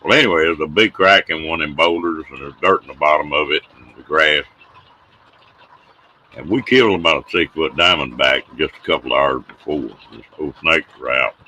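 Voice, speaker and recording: A man's voice: rumbling low, fairly quick, bright, forceful tone, slight background noise. A middle-aged man, hosting and telling folksy stories in a casual, laughing way. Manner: folksy, drawling yarn-spinner who laughs at his own tales. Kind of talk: casual storytelling on a live show.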